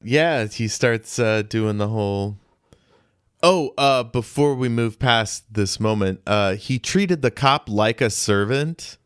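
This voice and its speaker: A man's voice: on the low side, expressive, clear, resonant tone, no room sound. A man co-hosting a podcast, chatting about a film with dry jokes. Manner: slow, dry and joking. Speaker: podcast co-host. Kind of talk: casual film discussion.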